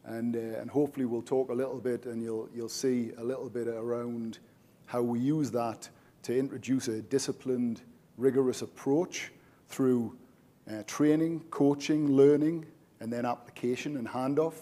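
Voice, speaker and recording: A man speaking at a conference session with a mellow, warm voice. He talks informally and chattily, with many "uh" fillers as he goes. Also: medium pitch, fairly even intonation, normal speed. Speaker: general manager presenting. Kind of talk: conference presentation.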